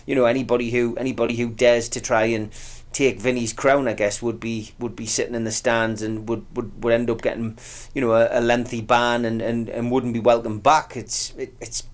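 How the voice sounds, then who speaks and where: A man's voice: medium pitch, little pitch movement, a little fast. A man, co-hosting a casual football chat show in a rambling, restart-filled way. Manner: rambling, many restarts, nostalgic. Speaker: radio co-host. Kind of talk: casual sports banter.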